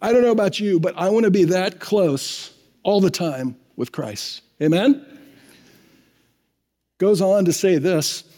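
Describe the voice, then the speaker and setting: A man's voice: high-pitched, measured pace, pauses often, mellow. A man preaching a sermon, emphatic, calling on the congregation for amens. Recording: long hall reverb.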